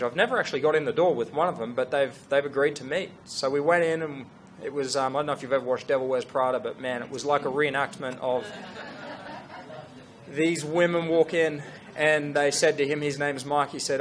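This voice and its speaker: A man's voice: fairly high pitch, brisk, a little hiss or hum. Earnest man telling a story. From Australia. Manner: earnest, animated storytelling with restarts. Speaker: fashion brand founder. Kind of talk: storytelling talk to an audience.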